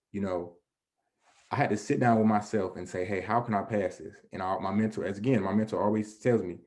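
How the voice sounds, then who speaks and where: An earnest man, appearing as a guest presenter, gives a motivational talk in a fairly low, darkish voice. His delivery is conversational, with restarted sentences and a reliance on "you know", and he often asks questions only to answer them himself.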